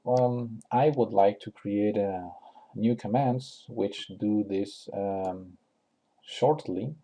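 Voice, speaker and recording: Slow, gravelly-voiced man explaining software. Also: fairly low pitch. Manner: unscripted, many fillers and restarts, thinking aloud. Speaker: tutorial host. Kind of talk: screen-recorded software tutorial.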